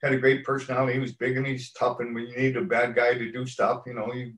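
A man's voice: medium pitch, level tone, fast talker, fairly bright tone, echoey room, poor audio. A man in an interview telling a long story at an easygoing ramble, acting out what people said. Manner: rambling anecdotal delivery, acts out quoted lines. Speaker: stunt coordinator, interview guest.

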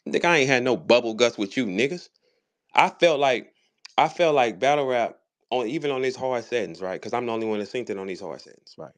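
A man's voice: mid-range voice, expressive, fairly quick. A man with a St. Louis accent, a battle rapper talking casually in a live audio room, boastful, profane and preachy. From St. Louis, USA.

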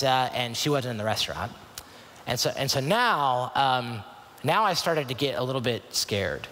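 A man's voice: medium pitch, fairly bright tone. Earnest man telling a story in a big hall. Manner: earnest, confiding storytelling with many restarts. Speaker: youth conference speaker. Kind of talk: storytelling sermon. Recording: long hall reverb.

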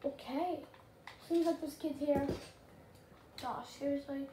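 A woman giving casual, rambling gameplay commentary, getting excitable and shouting at the game. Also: sits high, measured pace. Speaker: gaming channel host. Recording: roomy and noisy.

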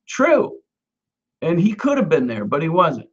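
A man's voice: a little high, wildly swooping pitch, measured pace, breathy edge, lo-fi sound. A man, a messianic rabbi, preaching a conversational sermon and stressing repeated Hebrew words. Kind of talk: sermon teaching on scripture.

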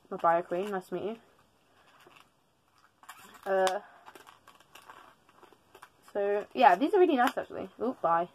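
A teenage girl chatting casually in a vlog while opening gifts in her parents' bedroom, rambling and correcting herself with joking asides. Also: fairly low pitch. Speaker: vlogger.

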